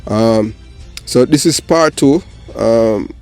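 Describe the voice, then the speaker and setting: A man's voice: mid-range voice, slow, clean tone. A Jamaican man hosts his channel in casual commentary. His tone is sardonic and dry, and faint music plays underneath. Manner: sardonic, rises to loud animated ranting. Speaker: channel host.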